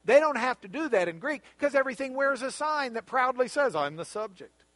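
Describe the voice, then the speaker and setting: A man teaching a Bible study lesson, explaining the text with animated, emphatic, repeating phrases. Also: very high voice, fairly quick, dry recording.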